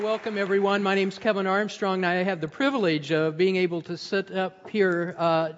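A man moderating an event on stage and introducing guests in a formal, courteous way. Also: sits high. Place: large hall on stage. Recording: distant echoey hall, muffled.

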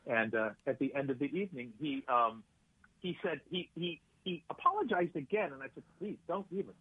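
A man's voice: medium pitch, sing-song, brisk, husky, no echo. A man, an actor and writer, telling rambling anecdotes in a casual interview, full of fillers and restarts. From United States. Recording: tinny phone-like line.

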